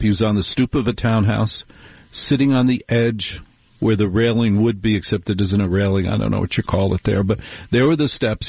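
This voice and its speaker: A man hosting a late-night radio talk show, chatting with wry, animated asides and telling stories. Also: lowish voice, husky, no echo.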